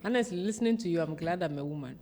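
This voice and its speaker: A Ghanaian woman hosting a radio talk show, teasing and quick to laugh. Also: on the low side, animated, big-room sound, noisy background. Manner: laughing, teasing, responsive with many "mm". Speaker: radio host. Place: radio studio.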